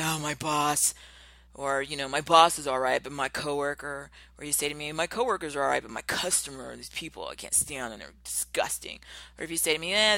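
A woman hosting a motivational podcast, talking passionately and emphatically, and slowing down to stress her key words. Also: low voice, bright, forceful tone, dry recording. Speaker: podcast host.

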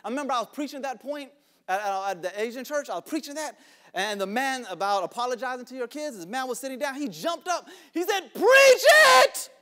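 A man pastor preaching a sermon, dropping to hushed whispers and rising to shouts, repeating words for emphasis. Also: very high voice, lively intonation, fast. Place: church sanctuary.

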